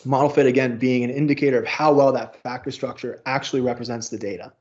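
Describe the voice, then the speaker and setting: A man's voice: medium pitch, steady tone, quick pace, few pauses, a little mellow, muffled recording. A male instructor giving a casual, explanatory recorded lecture walkthrough with informal asides.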